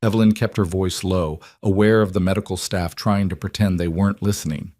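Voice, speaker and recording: Man narrator, measured story read, lowish voice, dead-dry booth sound. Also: fairly even intonation, a little mellow, no room sound.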